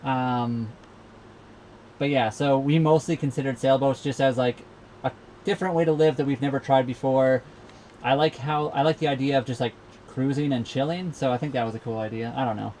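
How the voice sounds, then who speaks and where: Speaking from inside his docked sailboat at a marina, a young Canadian-accented livestream host from Saskatchewan fields a casual live Q&A. His medium-pitched, darkish voice moves fairly quickly with fairly even intonation, and he rambles in an easygoing way full of fillers over slight background noise.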